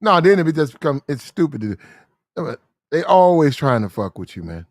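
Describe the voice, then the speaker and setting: A man telling casual stories in a profane, animated way, acting out the other voices in the dialogue. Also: fairly high pitch, moderate pace, no room sound, clean studio sound. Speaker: reaction video host. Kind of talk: casual storytelling rant.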